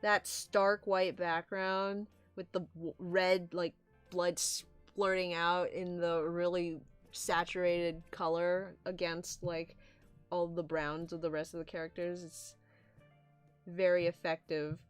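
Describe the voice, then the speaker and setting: A young woman casually reading a comic aloud and commenting, animated and excitable. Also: lowish voice, slow pace, smooth, soft background music. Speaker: comic reader.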